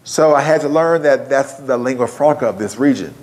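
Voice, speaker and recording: A man's voice: medium pitch, brisk, darkish tone. A man giving a keynote talk, telling a story in a conversational way and putting questions to a live audience. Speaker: keynote speaker.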